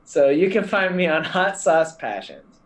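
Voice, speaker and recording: A man co-hosting a podcast, delivering a deadpan comic bit and often breaking into laughter. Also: a little high, measured pace. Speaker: podcast co-host. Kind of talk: casual podcast chat.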